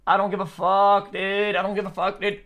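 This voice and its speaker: A young man with a high voice talks fast through a live reaction stream. He rambles, swears often and repeats words while he works out his point. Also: flat delivery, fairly bright tone.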